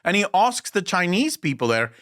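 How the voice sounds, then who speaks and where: A man's voice: high-pitched, moderate pace. A man from South Africa co-hosting a gaming podcast, telling stories in casual chat, emphatic and swearing freely. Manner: lively storytelling, swearing, emphatic. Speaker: podcast co-host.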